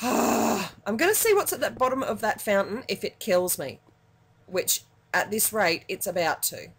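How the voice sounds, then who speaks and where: An Australian woman commenting on her gameplay in a casual, excitable way, muttering to herself between sudden yelps. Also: medium pitch, unhurried, creaky, breathy edge. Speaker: gaming channel host.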